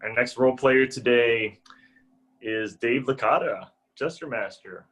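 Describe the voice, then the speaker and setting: A man's voice: medium pitch, unhurried, fairly bright tone, rough recording. A man chairing an online speaking club meeting, courteously introducing each speaker over a video call.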